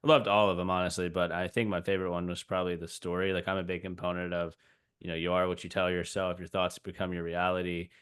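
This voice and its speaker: A man's voice: sits low, level tone, fast talker, a bit bright, clean tone. A man hosting a podcast interview, talking casually and agreeably with many fillers. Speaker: podcast host.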